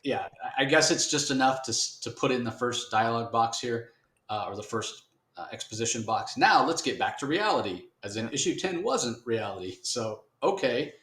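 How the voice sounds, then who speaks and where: A man of middle pitch talks casually through a comic review in a rambling, wry way, often restarting his sentences. His voice carries a clear roomy echo. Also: expressive, normal speed, fairly bright tone. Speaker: podcast co-host, comic reviewer.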